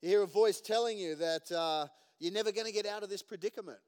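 A man's voice: high voice, fast, a little mellow, clean tone. A man preaching a sermon as pastor, joking and laughing at his own jokes. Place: church hall. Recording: long hall reverb.

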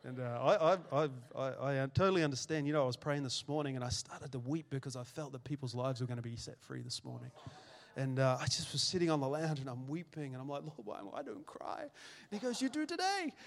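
A man's voice: medium pitch, fast talker. A middle-aged man preaching a sermon as pastor, emphatic, repeating his phrases, with self-deprecating humor. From Australia. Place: church hall. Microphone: handheld microphone. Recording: long church-hall reverb.

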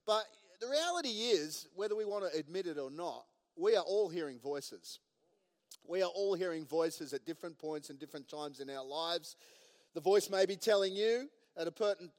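A man preaching a sermon, easygoing and jokey, with lots of fillers. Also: high-pitched. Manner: jokey, chuckles at his own jokes, filler-heavy. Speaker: pastor. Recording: long church hall reverb.

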